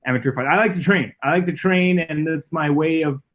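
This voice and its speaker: A man from Canada chats casually as a podcast guest. His voice sits a little high for a man, and he talks in a laid-back, halting way, full of fillers and restarts. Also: fairly bright tone. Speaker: guest musician.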